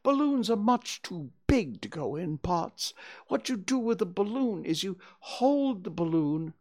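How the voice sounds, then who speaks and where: Woman doing earnest friendly storybook bear, slow and plain, lively melody. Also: medium pitch. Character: friendly simple-minded male bear, earnest and cheerful. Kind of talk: storybook reading.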